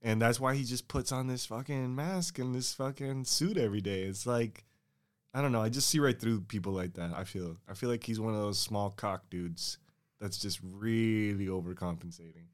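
A man's voice: fairly low pitch, moderate pace. A man co-hosting a podcast in loose, profane, joking casual chat. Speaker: podcast co-host.

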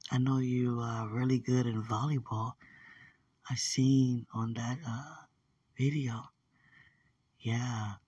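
A man's voice: medium pitch, fairly even intonation, takes it slowly, long pauses, mellow, slightly rough, no room sound, distant mic, muffled recording. A man hosting a podcast, talking in a rambling, casual monologue with lots of fillers and frequent laughs. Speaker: podcast host.

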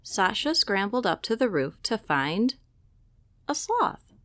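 A woman librarian reading a children's picture book aloud with slow, expressive delivery. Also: medium pitch, dry recording. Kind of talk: storybook read-aloud.

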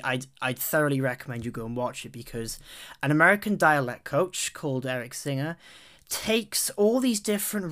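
A woman's voice: low-pitched, a bit bright. A young woman talking through a film analysis in a thoughtful, analytical way. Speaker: film commentator. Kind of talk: casual film analysis talk.

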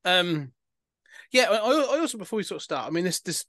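A man's voice: high-pitched, big pitch swings, a little fast, fairly bright tone, dry recording, studio quality. A man hosting a casual film-review podcast, rambling with lots of fillers and restarts. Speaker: podcast host.

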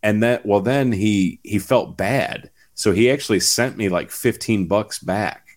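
Brief: deep-voiced man, casual rambling storyteller, heavy fillers, swears freely. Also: a little slow. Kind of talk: casual chat.

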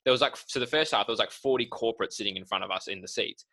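A man's voice: on the low side, rapid-fire, sharp tone, slightly rough, rough recording. A young man, casually telling rambling stories on a podcast and laughing between lines. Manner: rambling storyteller, laughs mid-sentence. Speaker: podcast co-host. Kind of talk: casual chat.

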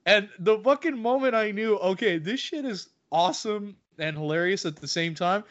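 In a casual film-discussion podcast, a New co-host with a high, slightly bright voice speaks at a moderate pace with lively intonation. He swears liberally, acts out scenes, and lets his bursts swing up and down while retelling moments, all in a lo-fi recording that sounds a bit muffled.

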